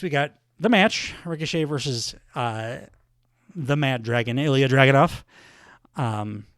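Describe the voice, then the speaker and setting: Male podcast host, casual solo recap, rambling with fillers, mid-pitched, dry close recording. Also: no echo. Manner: rambling, lots of fillers and self-corrections.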